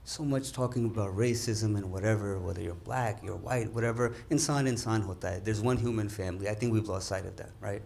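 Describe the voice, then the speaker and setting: A man telling stand-up jokes at a community dinner, acting out characters in animated quoted voices. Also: on the low side, fairly quick, vocal fry, hardly any pauses, slight background noise. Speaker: comedian at a dinner. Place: event hall with a live audience.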